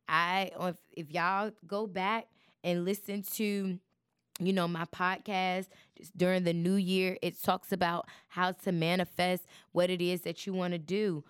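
Woman, podcast host, preachy casual chat, smooth voice. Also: fairly low pitch, level tone, measured pace, dry recording. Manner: chatty, preachy, addresses listeners as y'all.

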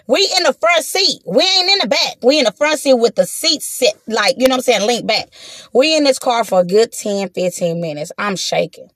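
Animated, profane woman telling a story. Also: on the high side, normal speed, no echo. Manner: animated, profane, acts out her own quotes; talks straight to the audience with slangy asides. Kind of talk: casual storytime to viewers.

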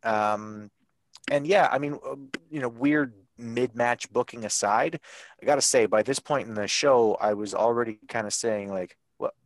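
A man's voice: medium pitch, normal speed, dry recording. A man from Ontario with a Canadian accent, co-hosting a casual wrestling podcast and recapping the show with an easygoing, laughing manner. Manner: easygoing, laughs often, loose fillers. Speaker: podcast co-host.

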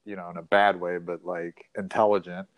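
A man with a lowish voice talking on a casual podcast, thinking out loud and feeling his way toward the point. The sound is dry and close to the mic. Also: flat delivery, moderate pace, dry recording. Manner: thoughtful, searching for words. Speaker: podcast co-host. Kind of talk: casual conversation.

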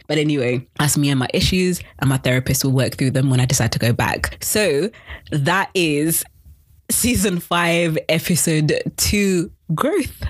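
A vlogger recapping a TV episode in a casual, expressive way, often repeating lines for emphasis and laughing. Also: mid-range voice, dry recording, clean studio sound.

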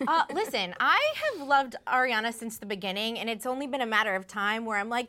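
A woman's voice: on the high side, fairly quick, pushed and bright. A woman guest on a talk show, chatting casually and laughing easily. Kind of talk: casual chat.

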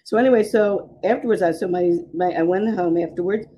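A woman, the host's mother, chatting casually on a podcast and telling family anecdotes in a relaxed, homey way. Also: on the low side, a little fast, husky, low-quality recording.

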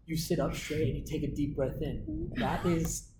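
A man's voice: fairly high pitch, very animated, normal speed. A man presenting to his team, explaining ideas in a casual, assertive way through worked examples. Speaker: presenter teaching a team meeting. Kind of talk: casual instructive talk. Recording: echoey room with loud background noise.

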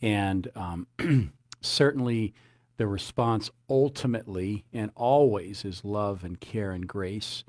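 A man's voice: on the low side, slow, darkish tone, no echo. A man preaching a sermon as a pastor, earnest, often repeating his phrases and citing scripture.

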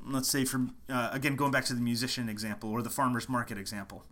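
He talks fast with little pitch movement, his mid-range voice a bit bright. The speaker is a musician giving a casual, passionate online marketing lesson to camera at home late at night, driving points home through repetition.

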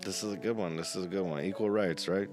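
A man's voice: quick pace, music in the background. A man co-hosting a casual comedy podcast, teasing his partner and cutting in with playful jokes. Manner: teasing, playful interjections, swings his pitch around. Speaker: podcast co-host.

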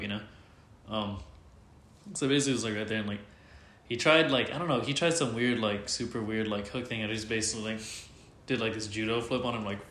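A man in his twenties, a guest storyteller, tells a long story in casual chat, rambling with lots of "like"s and restarts. His voice is lowish and a bit bright. The room is echoey, with faint background noise.

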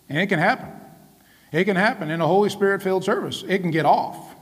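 A man preaching a sermon as pastor, lively, often laughing and calling out to the congregation. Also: high-pitched, quick pace, big-room sound. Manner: lively, laughing often, calls out "come on" and "right?".

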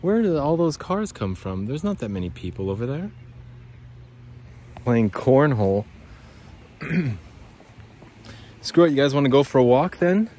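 Walking by a creek, a podcast host speaks at medium pitch in a warm, sing-song voice, at a measured pace with long pauses; there's slight background noise. He rambles and swears through the monologue, calling his listeners "guys."

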